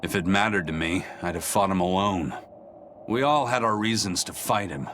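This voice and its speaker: A man voicing a gruff, stern fighter. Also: low voice, moderate pace, background noise, natural voice. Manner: gruff, calm, matter-of-fact. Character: stern, steady seasoned male fighter. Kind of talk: game voice acting.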